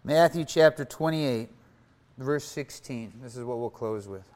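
A man telling his story in a sermon, acting out his own thoughts and swinging from loud to hushed. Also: mid-range voice, a little slow. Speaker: preacher. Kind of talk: sermon testimony.

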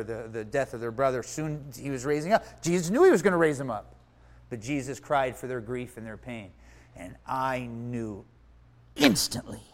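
A man telling his story in a sermon, acting out his own thoughts and swinging from loud to hushed. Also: mid-range voice. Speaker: preacher. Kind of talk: sermon testimony.

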